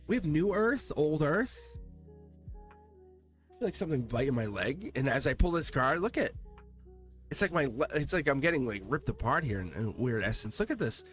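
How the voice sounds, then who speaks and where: Animated, lively-pitched male tarot reader. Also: moderate pace, faint music behind. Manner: animated, rambling, talks to the cards and laughs. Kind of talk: casual tarot reading to camera.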